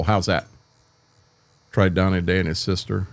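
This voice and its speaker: A man's voice: deep voice, steady tone, normal speed, vocal fry. An older man streaming a farming game from home, chatting casually with viewers on a desk microphone, rambling and repeating his words as he talks. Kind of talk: casual livestream chat with viewers.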